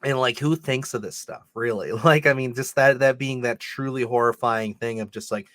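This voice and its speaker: A man's voice: mid-range voice, normal speed, a bit bright, no echo, studio quality. A man co-hosting a casual podcast chat about a film, rambling with lots of "like" and "you know.". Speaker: podcast co-host.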